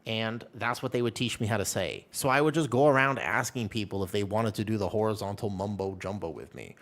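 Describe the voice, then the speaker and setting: Man, game streamer, casual chat with viewers, lively storyteller, low voice. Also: brisk. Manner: animated storyteller chatting with viewers.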